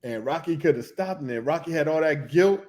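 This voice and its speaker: A middle-aged man hosting a podcast, telling a loose, animated story in casual slang, with laughs and restarts. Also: fairly high pitch, brisk. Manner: animated, humming tunes and acting out reactions. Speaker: podcast host.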